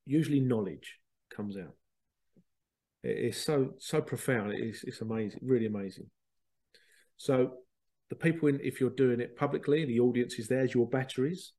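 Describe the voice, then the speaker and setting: A man, a spiritual medium hosting a show, telling stories in a chatty, animated way with laughter and the odd swear. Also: medium pitch, normal speed. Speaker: spiritual medium and podcast host. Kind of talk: casual storytelling.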